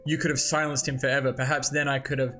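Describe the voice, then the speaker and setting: A man's voice: mid-range voice, flat delivery, quick pace, pushed and bright, soft background music, natural voice. A man reading aloud the part of a solemn old male spirit mentor from a comic, in a grave, instructive way.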